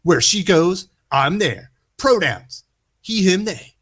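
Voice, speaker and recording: A man voicing a brash, cocky cyborg brawler, reading the lines slowly and drawn out in a raised, louder voice. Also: sing-song, slightly rough, full character voice. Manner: slow, drawn-out read with a raised pitch.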